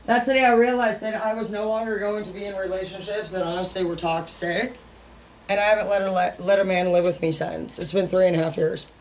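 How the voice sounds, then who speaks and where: A woman's voice: medium pitch, steady tone, a little fast, a little hiss or hum, low-quality recording. Female vlogger, unfiltered and profane, loose rambling delivery. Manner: blunt, heavy swearing, rambling; brash and unfiltered. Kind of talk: casual monologue to camera.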